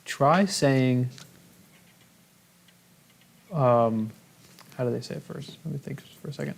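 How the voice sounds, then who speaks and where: A man keeps a livestream going, reading out viewer comments and teasing his co-host in easygoing chat. His pitch sits in an ordinary middle range, and the delivery is relaxed and playful. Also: a little fast, vocal fry, breathy edge. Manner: reads viewer comments aloud, playful banter. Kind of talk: casual chat.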